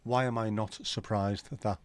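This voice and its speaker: A man's voice: fairly low pitch, fairly even intonation, normal speed. A man hosting a casual livestream chat, reading out viewer comments in a bantering, crude, sweary way. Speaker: livestream host.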